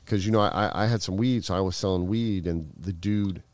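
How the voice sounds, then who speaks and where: A man's voice: deep voice, a little fast, darkish tone, dry recording. A middle-aged man telling a long story in casual, rambling speech full of fillers and swearing. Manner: rambling, profane, heavy fillers. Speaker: guest.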